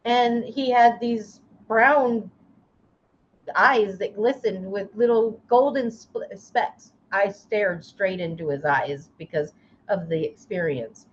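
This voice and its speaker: Woman guest, life coach type, emotional personal storytelling, slightly muffled lo-fi recording. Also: mid-range voice. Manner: intense, emotional retelling with halting restarts. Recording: slightly dull, lo-fi sound with faint noise.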